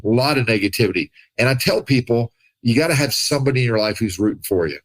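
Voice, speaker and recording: A man telling his life story as a podcast guest, animated, acting out the people he quotes and laughing often. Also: mid-range voice, fast, few pauses, no room sound, poor audio. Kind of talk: casual storytelling.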